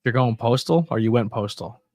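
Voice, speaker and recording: This livestream host has a mid-range voice and speaks at a moderate pace, drifting through a loose chat about the wrestling on screen. Yawning and sleepy, he stays laid-back and chatty, chuckling as he tells his stories. There's no room sound at all.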